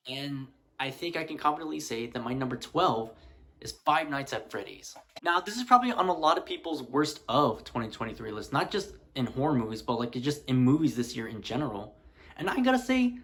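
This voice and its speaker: A man talks through horror film picks in a loose, casual vlog manner, sprinkling "like" throughout. His speaking voice sits a little higher than most men's. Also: fairly bright tone. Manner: chatty, loose, many "like" fillers. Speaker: movie reviewer.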